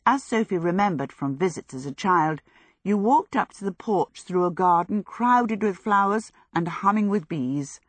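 A woman narrating a storybook in a measured, expressive way. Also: lowish voice, husky, dry recording. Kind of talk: audiobook narration. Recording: dry close recording.

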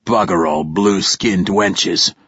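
A crude, grouchy ancient poet, put on by a male audiobook narrator, mumbling his complaints in a rasping rumble. The voice sits deep and husky. The recording is dry and slightly dull. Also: takes it slowly, fairly bright tone, no room sound, exaggerated voice. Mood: grumbling. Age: older. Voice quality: rasping, profane grumble. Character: ancient foul-mouthed cranky male poet. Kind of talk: audiobook character voice.

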